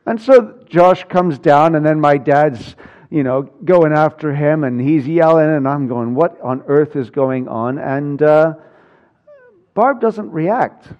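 A man's voice: fairly high pitch, slow pace, a little mellow. A man preaching a sermon, telling stories with wry humor and building emphasis. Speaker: pastor. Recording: dull lo-fi sound.

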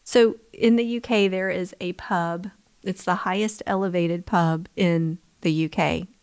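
A woman's voice: on the low side, steady tone, measured pace, a little mellow, clean tone. A woman co-hosting a comedy podcast, chatting casually, teasing and laughing often. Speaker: podcast co-host.

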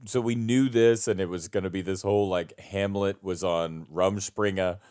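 A man's voice: sits low, fairly even intonation, normal speed, a little mellow, clean tone. A man on a headset mic, telling a rambling, self-deprecating story in casual chat and laughing often.

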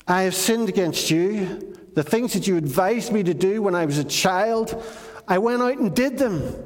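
A man's voice: high-pitched, expressive, moderate pace, voice pushed up. A man voicing a remorseful young runaway son who pleads and apologizes in a rehearsed way. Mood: pleading. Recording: long reverb of a large hall.

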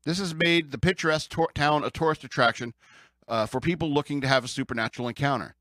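A man's voice: a little high, quick pace, a bit bright, no room sound, clean studio sound. A man with an American accent, chatting casually about the news as a podcast host, rambling and joking, often laughing and restarting his sentences.

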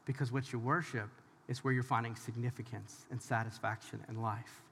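A man's voice: mid-range voice, steady tone, moderate pace, vocal fry, a bit bright, a little hiss or hum. A man preaching a conversational sermon as pastor, talking straight to the audience in an informal, emphatic way. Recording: long hall reverb.

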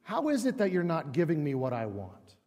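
Guy doing a whiny believer grumbling at god, kinda high, big echoey hall. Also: wildly swooping pitch, fairly quick, a little mellow. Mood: aggrieved. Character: resentful male believer complaining to God.

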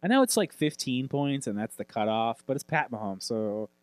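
A man's voice: medium pitch, very animated, moderate pace, clear, resonant tone, dry recording. Profane fantasy football co-host, man. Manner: rattles off player lists, crude and joking. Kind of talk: profane casual sports chat.

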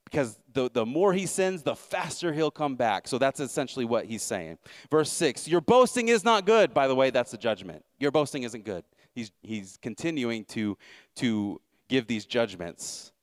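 A man's voice: mid-range voice, big pitch swings, normal speed, no echo, clean studio sound. A man pastor preaching a sermon, emphatic and repeating his key lines, with wry asides.

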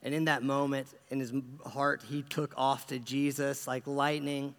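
A man's voice: mid-range voice, little pitch movement, measured pace. A man preaching a sermon as a pastor, telling stories in an earnest, conversational way with frequent restarts, recorded in a church. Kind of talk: sermon storytelling. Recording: long reverb of a large hall.

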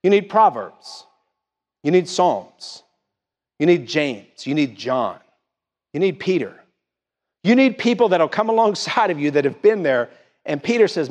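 A man's voice: on the high side, big pitch swings, a little slow, pauses often, in a large hall. A middle-aged man preaching a sermon in a church, emphatic and full of questions to the congregation. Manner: emphatic call-and-response preaching, rising and falling. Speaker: pastor. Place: church sanctuary.

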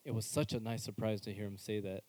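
A man's voice: on the low side, steady tone, quick pace, darkish tone, no room sound, poor audio. A man reading a news article aloud on a casual podcast, dropping wry asides between passages.

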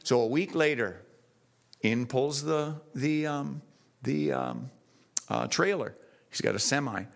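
A man preaching a sermon in church, telling stories in a lively, animated way. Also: mid-range voice, slow pace, gravelly, pauses often.

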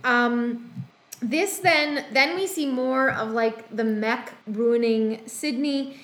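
A woman's voice: fairly high pitch, slow pace, echoey room. A woman co-hosting a casual chat, recapping a film in a rambling way with many ums and quoted asides. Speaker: podcast co-host recapping a film.

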